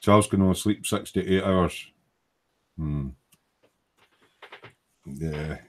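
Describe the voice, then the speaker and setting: A man's voice: deep voice, slow pace. A Scottish man hosting a late-night live model-making stream, joking, swearing and muttering as he works at his bench. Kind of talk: casual late-night chat while building a kit. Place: at a hobby workbench.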